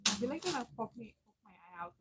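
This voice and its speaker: A woman's voice: a little high, big pitch swings, quick pace, very noisy. A woman co-hosting a casual livestream, reading viewer comments aloud in a light, offhand way. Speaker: co-host reading chat.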